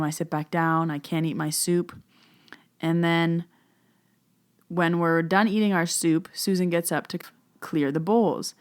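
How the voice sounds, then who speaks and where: A woman with a fairly low speaking voice tells her own story as a medium. She talks in a loose, chatty podcast manner, full of "so" and "like", and she slips into a hush when she recalls whispered moments. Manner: chatty, many "so" and "like" fillers, hushed when she retells whispered talk.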